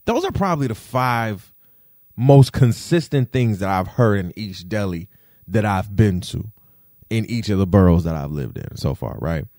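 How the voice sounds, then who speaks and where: New guy, casual podcast rant; mellow low voice with lively swings, lots of fillers and cursing. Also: normal speed, dry recording, studio quality. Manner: animated, swears freely, frequent fillers and "you feel me".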